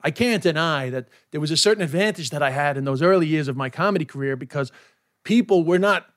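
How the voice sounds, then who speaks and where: Fast-talking American man, frank podcast guest. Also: on the high side, dry recording, clean studio sound. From New York, USA. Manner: frank, self-mocking, swears freely. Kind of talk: candid casual chat.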